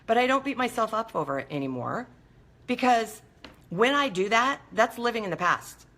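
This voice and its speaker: A woman hosting a motivational talk show, speaking in an animated, playful way and acting out little voices. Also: fairly high pitch, moderate pace. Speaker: show host.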